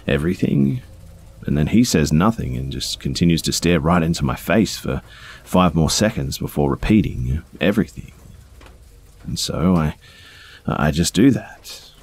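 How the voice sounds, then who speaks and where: A man's voice: rumbling low, darkish tone, slightly rough. A man reading first-person stories aloud in a conversational way, with small fillers along the way. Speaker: storyteller.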